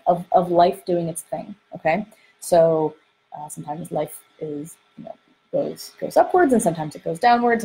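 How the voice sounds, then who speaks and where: A woman coaching on dating and emotions in an animated monologue. She often acts out inner voices and uses many fillers. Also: fairly low pitch, poor audio. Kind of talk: podcast-style teaching monologue. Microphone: close microphone she bumps while gesturing.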